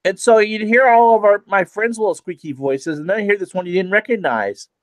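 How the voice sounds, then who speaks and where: A man's voice: high voice, brisk, no echo. A man in his forties reminiscing wryly in a casual chat. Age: 40s. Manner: wry, chatty reminiscing. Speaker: guest.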